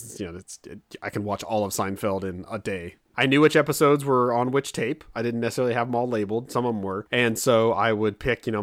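A man's voice: lowish voice, no room sound, studio quality. A man hosting a casual conversation, joking and laughing often, acting out silly voices. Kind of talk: casual chat.

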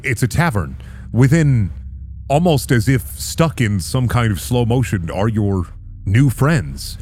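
A young man as game master, calmly narrating scenes and swearing casually between them. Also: medium pitch, unhurried, a little hiss or hum.

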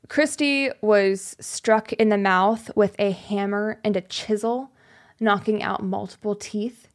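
A young woman co-hosting a podcast, telling a true crime story in a somber, halting way with fillers and sighs. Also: medium pitch. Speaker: podcast co-host.

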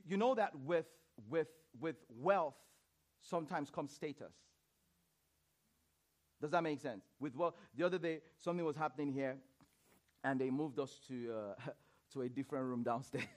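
A man preaching a sermon in church, animated, laughing often and repeating phrases as he questions the congregation. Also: fairly high pitch, moderate pace.

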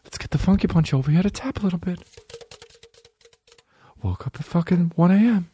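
A man doing a whispered role-play impression of a musclebound celebrity making ASMR, breathy and swaggering. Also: high voice, lively intonation, brisk, mellow, pitched above the performer's own voice, heavily acted. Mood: mock-soothing.

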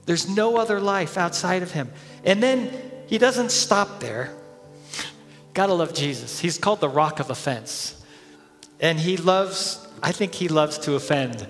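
A man preaching in a fairly high voice, animated, slipping into the voices of the people in his story. His words ring out with the long echo of a large hall. Soft music plays faintly beneath him. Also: measured pace. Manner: animated preaching, acts out crowd voices, chuckles often. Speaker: head pastor. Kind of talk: sermon.

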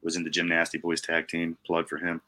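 A man's voice: deep voice, completely flat delivery, brisk, pushed and bright. A young man co-hosting a podcast in casual chat, rambling and swearing freely, calling people bro and dude. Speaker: podcast co-host.

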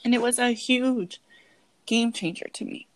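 A woman in her thirties speaks in a casual, heartfelt conversation. Her delivery is earnest and halting, full of restarts. The sound is dry and close, with no room around it. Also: on the high side, dry recording. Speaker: podcast co-host.

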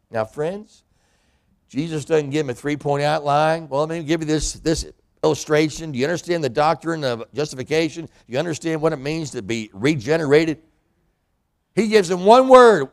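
A man's voice: on the high side, animated, moderate pace, vocal fry. A man preaching a sermon in a church, a pastor and hospital chaplain who acts out the voices of people in scripture.

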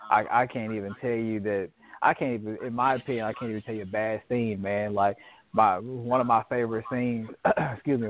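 A man in casual chat about a favorite movie, laughing often and quoting lines in raised voices. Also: mid-range voice. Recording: phone-like narrow sound.

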